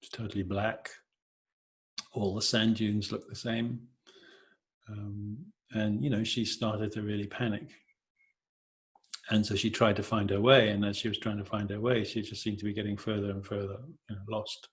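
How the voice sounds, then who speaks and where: A middle-aged man giving a gentle, halting meditation talk, full of hesitations and filler words. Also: lowish voice, little pitch movement. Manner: gentle, hesitant, many "you know" fillers. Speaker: meditation teacher.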